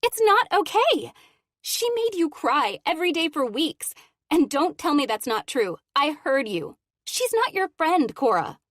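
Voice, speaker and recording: A woman voicing an angry, protective young girl who shouts accusations at her sister's friend. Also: high voice, sing-song, measured pace, no echo, studio quality, voice pushed up, exaggerated voice.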